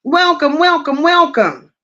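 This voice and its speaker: A woman's voice: high-pitched, lively intonation, measured pace, sharp tone, highs cut off. A woman hosting a casual livestream, greeting viewers and reading out their comments in a blunt, affectionate manner. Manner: affectionate, calls viewers "my love" and "boo". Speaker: livestream host.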